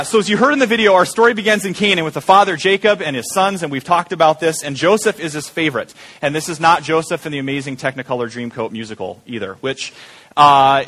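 Joking pastor with a call-and-response sermon. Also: male voice, fairly high pitch, fairly bright tone. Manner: jokey, engaging the audience with call-and-response.

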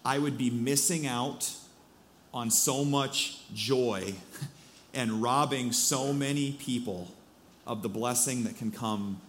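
A man voicing a wealthy, grateful male cowboy churchgoer in a put-on Southern accent, speaking slowly and earnestly. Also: medium pitch, fairly bright tone, slight background noise.

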